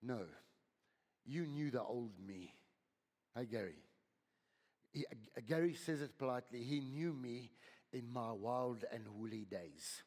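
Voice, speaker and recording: An older man preaching a sermon as pastor, swinging from loud, high exhortation to hushed whispers and repeating his words. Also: lively intonation, a little slow, long pauses. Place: church hall. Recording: long hall reverb.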